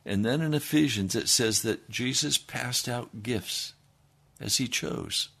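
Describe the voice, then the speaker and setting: A man preaching a sermon, swinging between loud declarations and hushed, low passages. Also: slow, gravelly.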